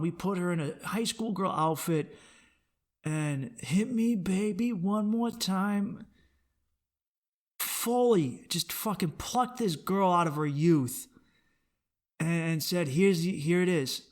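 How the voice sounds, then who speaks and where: A young adult man hosting a podcast, rambling and swearing freely as he rants, bursting into loud animated outbursts. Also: a little high, slow. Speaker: podcast host. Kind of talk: casual solo podcast rant.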